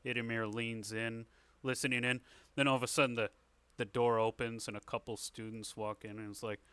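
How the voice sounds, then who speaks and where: A man narrating as game master of a tabletop game, descriptive and measured with fillers. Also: mid-range voice, flat delivery, sharp tone, clean tone, no room sound.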